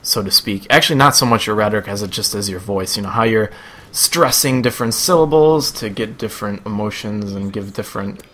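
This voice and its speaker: Bright-voiced young man from Buffalo. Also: fairly low pitch, brisk. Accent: Buffalo, New York. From Buffalo, New York. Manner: rambling, chatty, self-amused. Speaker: gameplay commentator. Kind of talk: casual rambling video game commentary.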